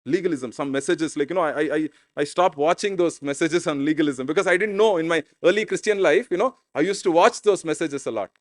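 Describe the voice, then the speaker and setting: A man's voice: a little high, fairly quick, hardly any pauses, no echo. A man preaching a sermon as pastor in an informal, conversational way. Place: church.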